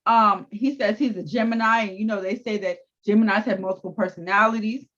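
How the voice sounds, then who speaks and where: A woman co-hosting a casual review chat, recapping scenes in an animated, profane way. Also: mid-range voice, brisk. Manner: animated recapping with acted-out quotes. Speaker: co-host. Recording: dull lo-fi sound.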